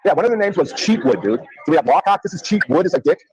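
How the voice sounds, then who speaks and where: A man talking fast and swearing a lot as he tells a story, acting out what people said. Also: on the high side, very animated, a little mellow, a little hiss or hum, low-quality recording. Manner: rapid, profane, acts out quotes. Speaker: guest telling a story. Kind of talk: casual chat, storytelling.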